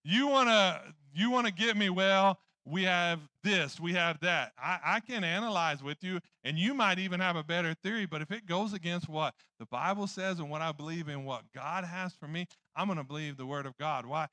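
A male pastor preaching a sermon, telling a personal story in an animated, jokey way and acting out what people said. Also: high voice, normal speed, few pauses, dry recording. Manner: animated, jokey storyteller acting out his own past lines.

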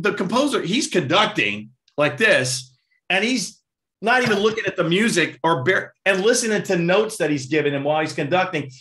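A man, a guest drummer and percussionist, telling stories in a casual interview, vocalizing rhythms and acting out what people said. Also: high-pitched. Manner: animated, vocalizes rhythms and acts out quotes.

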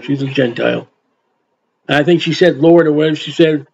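A man's voice: on the high side, a little fast, creaky, darkish tone, breathy edge. An older man preaching an informal Bible sermon in a folksy way, acting out quotes and adding asides. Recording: dull lo-fi recording.

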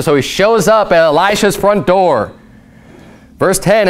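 A male pastor giving a sermon in a conversational, animated storytelling way. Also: sits high, moderate pace.

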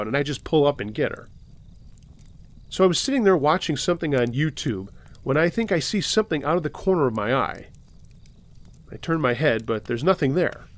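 Man narrating true scary stories. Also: mid-range voice. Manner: steady storytelling with dry sarcastic asides. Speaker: host and narrator.

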